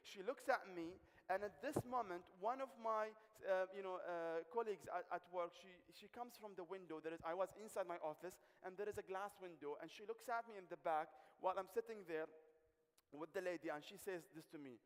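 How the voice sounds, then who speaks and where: A man telling a humorous story as a conference speaker, animated and acting out both sides of a conversation on a stage microphone in a hotel conference hall. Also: high-pitched, fairly quick. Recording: long hall reverb.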